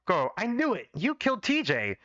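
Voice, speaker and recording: A man's voice: high-pitched, huge pitch swings, fairly quick, sharp tone, no echo, pitched above the performer's own voice, heavily acted. A man voicing a brash young man with a thick, over-the-top accent, over a dull lo-fi stream mic.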